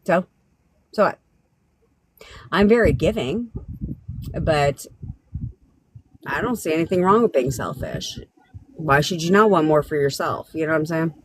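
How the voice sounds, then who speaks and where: A woman's voice: low voice, lively intonation, unhurried, long pauses, a little hiss or hum. A woman from Southern California, a manifestation coach, ranting bluntly and profanely on a live stream, laughing often.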